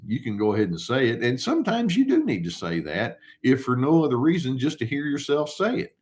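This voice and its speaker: An older male therapist giving casual advice, calm and unhurried, who poses rhetorical questions and answers them himself. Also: fairly low pitch. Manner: acts out short quoted replies in a mock tone.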